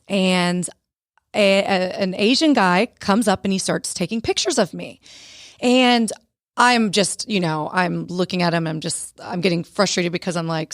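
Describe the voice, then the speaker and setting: Lively woman telling stories in a dry studio. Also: mid-range voice, no echo. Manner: lively storyteller, acting out quoted dialogue. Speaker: author and guest. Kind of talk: conversational interview storytelling. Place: radio studio.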